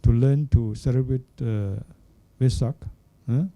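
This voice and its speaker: Older male monk, dharma talk, extremely dark and warm timbre, measured halting delivery. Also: mid-range voice, steady tone. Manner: unhurried, searching for words, checks in with "hmm?" and "yeah?". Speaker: Buddhist monk teacher. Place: Buddhist centre hall.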